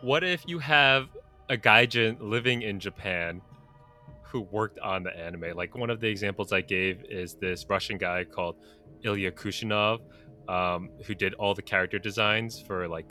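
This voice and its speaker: A man's voice: on the low side, moderate pace, bright, forceful tone, faint music behind. A young man co-hosting a podcast, talking casually and thinking through hypothetical questions. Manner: thoughtful, poses hypotheticals. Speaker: podcast co-host. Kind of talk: casual chat.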